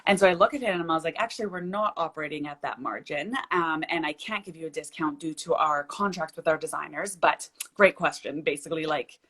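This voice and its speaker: Young woman telling a lively story. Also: low-pitched, fast talker, few pauses. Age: young adult. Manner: animated storyteller, acts out quoted dialogue. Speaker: guest, bridal shop owner. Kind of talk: casual video-call interview. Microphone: video call.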